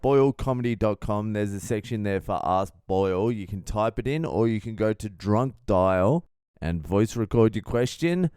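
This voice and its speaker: A man's voice: fairly low pitch, darkish tone, clear, resonant tone, dry recording, clean studio sound. A man, a comedian hosting a casual podcast, telling stories in a blunt, profane, comic way. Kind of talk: casual storytelling monologue.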